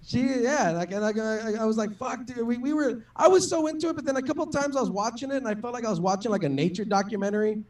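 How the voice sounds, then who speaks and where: A man doing a stand-up comedy set, his voice high for a man and a bit distant from the mic. He rambles through profane, self-deprecating stories, packing his lines with "like" and "dude.". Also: fast, hardly any pauses, a little mellow. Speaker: stand-up comic.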